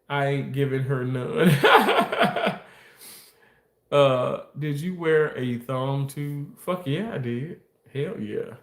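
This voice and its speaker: A man livestreaming and reading chat aloud, making crude jokes and protesting with mock innocence. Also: slow pace. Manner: voice jumps high when protesting. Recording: roomy echo.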